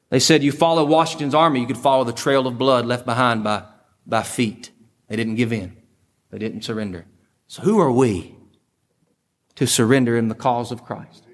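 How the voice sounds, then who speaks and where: A male pastor preaches with fervor at a middle pitch, surging upward on key phrases and sinking to near-whispers. His voice rings out with a long reverb through the church sanctuary. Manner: impassioned preaching with sudden pitch leaps and hushed drops. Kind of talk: sermon.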